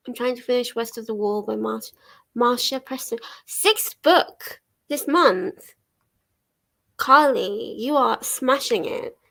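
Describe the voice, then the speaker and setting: A woman's voice: high voice, a bit bright. A young woman chatting casually on a livestream from her living room, laughing often and swearing lightly as she answers viewers. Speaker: livestream host. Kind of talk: casual chat while reading chat aloud.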